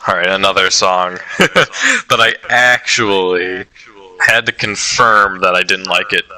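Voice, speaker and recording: A young man with a low voice and a strikingly bright, forward tone talks casually with a friend. He rambles through his points and laughs often. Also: animated, takes it slowly, low-quality recording. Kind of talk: casual chat.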